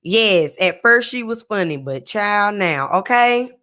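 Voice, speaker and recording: A woman's voice: mid-range voice, lively intonation, slow, sharp tone. A woman casually recapping a reality TV episode in a sassy, chatty way, full of slang asides. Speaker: TV recap reviewer.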